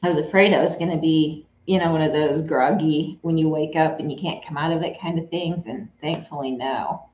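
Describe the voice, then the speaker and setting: Her voice sits low and a little mellow, at normal speed, as she hosts a casual live sewing stream from her home studio and welcomes viewers by name. The audio comes from a camera mic in the room, sounding roomy and slightly dull, with a touch of hiss or hum.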